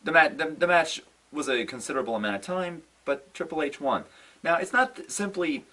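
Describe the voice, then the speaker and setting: A man's voice: on the high side, fairly quick, recorded from a distance, poor audio. Exasperated young man ranting about wrestling. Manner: exasperated, animated ranting with sighs and repeated "no"s. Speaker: wrestling fan vlogger. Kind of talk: casual ranting commentary.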